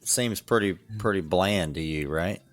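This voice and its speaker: A man's voice: deep voice, unhurried, no room sound, faint music behind. A man hosting a podcast, asking curious, chatty questions in a casual interview. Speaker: podcast host.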